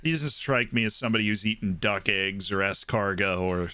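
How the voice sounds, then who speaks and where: A man's voice: lowish voice, brisk, pushed and bright, clear, resonant tone, dry recording. A man co-hosting a podcast, chatting casually about football in a wry, playful way. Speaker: podcast co-host.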